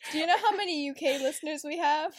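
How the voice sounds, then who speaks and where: A woman's voice: high voice, fast talker. A woman co-hosting a podcast in casual chat, reacting to her co-host with bursts of laughter.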